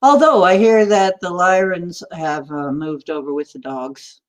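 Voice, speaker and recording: Slow-talking giggly woman, low voice. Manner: giggly, rambling, punning. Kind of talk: casual chat.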